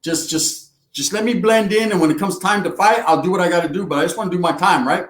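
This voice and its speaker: A man's voice: sits high, quick pace, reverberant. A man telling prison stories in casual, profane, streetwise chat, laughing as he goes. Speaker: podcast co-host.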